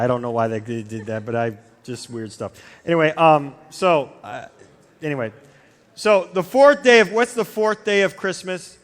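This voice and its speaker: A man with a fairly high voice preaches to a youth group in a loose, joking way, wandering into side stories and breaking off his own sentences. His voice rings out with a long reverb through a large church hall. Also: smooth. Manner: rambling, digressive, self-interrupting. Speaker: youth pastor. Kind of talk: casual humorous youth sermon.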